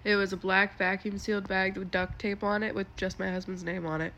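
Chatty woman with a gravelly, bright voice. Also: medium pitch, flat delivery, lo-fi sound, a little hiss or hum. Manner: chatty and profane, quick to laugh. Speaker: storyteller. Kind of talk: casual storytime.

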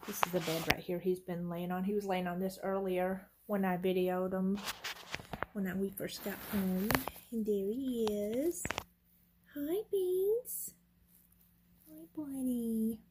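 A woman's voice: mid-range voice, fairly even intonation, normal speed, noisy background. A woman chatting casually in a home vlog, cooing tenderly at her cat and talking to the camera. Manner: coos and baby-talks to the cat, soft and tender. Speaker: pet vlogger. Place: room at home. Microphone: handheld camera.

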